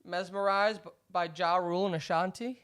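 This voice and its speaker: A young woman co-hosting a podcast, relaxed in casual sports chat, who reads out news items and stumbles over names. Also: on the low side, normal speed. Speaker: podcast co-host.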